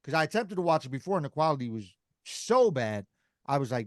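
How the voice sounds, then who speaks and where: A man hosting a casual podcast, ranting in an animated way and swearing freely. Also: fairly high pitch, brisk, dry recording, studio quality. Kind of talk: casual chat.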